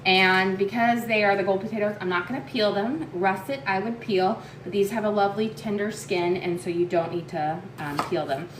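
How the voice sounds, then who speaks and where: A woman's voice: mid-range voice, moderate pace, few pauses, noisy background. A woman in her home kitchen, chatting casually while she demonstrates a recipe step by step and drifts into family stories. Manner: chatty, instructional, sidetracked into anecdotes. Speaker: home cooking vlogger.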